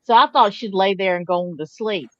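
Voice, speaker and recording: A woman, a guest on a live stream, telling stories in a folksy, animated, casual way. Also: medium pitch, brisk, dry recording. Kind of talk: casual storytelling chat. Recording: dull, dry remote audio.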